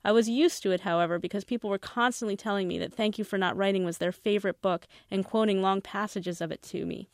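A woman's voice: mid-range voice, steady tone, fast talker, few pauses, no echo, clean studio sound. A woman, the author, introducing and reading aloud from her own novel in a wry first-person voice.

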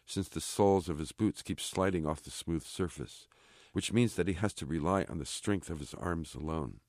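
A man, the author, reading a chapter of his novel aloud in a measured, even way. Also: low-pitched, no room sound, clean studio sound. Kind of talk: literary reading.

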